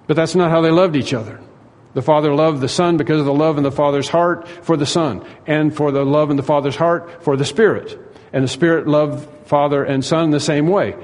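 A man's voice: a little high, a little mellow, long reverb tail. A man preaching a sermon in an earnest, repetitive way, acting out the dialogue he tells.

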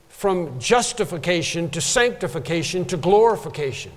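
High-voiced preacher in an echoing hall. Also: male voice, a little fast, hardly any pauses. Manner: emphatic preaching, repeats phrases for stress. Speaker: pastor. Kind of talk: sermon. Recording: long reverb of a large hall.

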